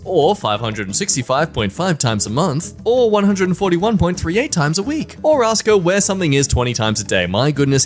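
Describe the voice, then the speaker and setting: A man streaming, reading memes aloud and joking about them in a casual, animated way, jumping in and out of mock voices. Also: mid-range voice. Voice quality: animated, jokey, jumps between mock voices.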